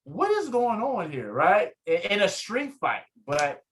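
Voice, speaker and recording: A man talks as a guest on a casual interview show, with a voice set a little high for a man. He tells a story with lively energy, acting out the people in it. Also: unhurried, slight background noise, rough recording. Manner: lively, acts out quotes, swings pitch up in excitement. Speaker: guest, photographer and fighter.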